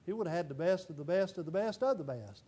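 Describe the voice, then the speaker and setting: A man preaching a sermon to his congregation, repeating phrases for emphasis and swinging between soft asides and loud declarations. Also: high-pitched, expressive, fast talker, breathy edge. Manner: folksy, repeats phrases for emphasis, rises and falls in volume. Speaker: pastor. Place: church.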